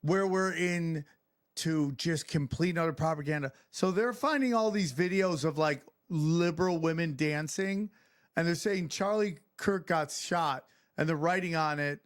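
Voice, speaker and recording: A man's voice: on the high side, measured pace. Emphatic man hosting a podcast. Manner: emphatic, repeats phrases for stress. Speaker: podcast host. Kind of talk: casual podcast chat.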